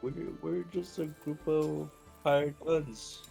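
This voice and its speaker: A man's voice: a little high, little pitch movement, takes it slowly, gravelly, warm tone, slightly rough, soft background music. A man playing a tabletop game, bantering with blunt, wry remarks. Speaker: player.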